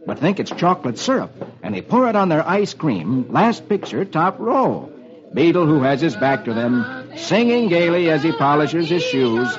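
A man hosting a radio show, cheerfully reading the comics aloud for children with rhyming patter. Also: on the high side. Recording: dull old radio recording with hiss.

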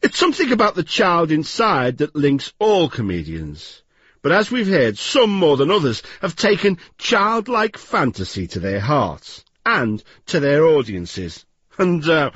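Husky male radio presenter. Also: a little high, big pitch swings, a little slow, a bit bright, no echo, lo-fi sound. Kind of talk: scripted narration.

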